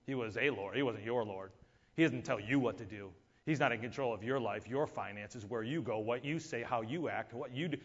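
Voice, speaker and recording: A male pastor preaching a sermon, moving between hushed quiet asides and loud, emphatic passages. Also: mid-range voice, fairly quick. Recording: dull sound with long hall reverb.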